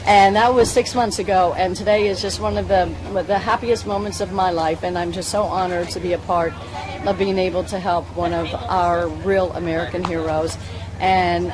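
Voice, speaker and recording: Crowd noise sits behind a woman with a lowish voice, captured in poor audio, as she delivers a ceremony speech. A volunteer fundraiser, she is heartfelt and earnest, rambling and frequently starting her sentences over.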